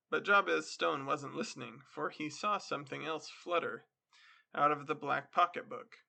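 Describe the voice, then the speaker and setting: A man hosting a podcast, reading a classic story aloud in a steady storytelling manner. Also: a little high, moderate pace, vocal fry. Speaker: podcast host and story reader. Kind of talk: literary reading.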